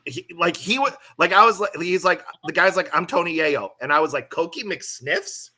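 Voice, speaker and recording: A man's voice: a little high, animated, fairly quick, pushed and bright. A man in a casual live-stream chat, jumping in with his own anecdote.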